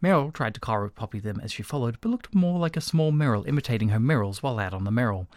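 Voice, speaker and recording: Brief: animated male narrator for a comic storybook, dry and close. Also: medium pitch, fast talker, dry recording. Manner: expressive, animated reading.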